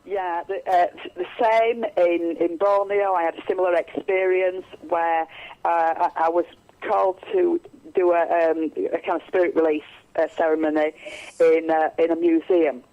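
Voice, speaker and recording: A woman tells long stories as a guest on a radio interview, rambling along with restarts and fillers. Her voice has a gravelly edge. The sound is dull and lo-fi, like an old radio recording. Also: on the low side, level tone, moderate pace. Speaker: psychic medium guest.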